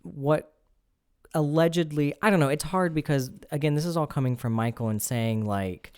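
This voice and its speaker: A man's voice: on the high side, moderate pace, a little mellow, clean tone. A man co-hosting a podcast in casual chat, with dry jokey asides and frequent agreement. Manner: dry, jokey asides, lots of "right" backchannel. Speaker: podcast co-host.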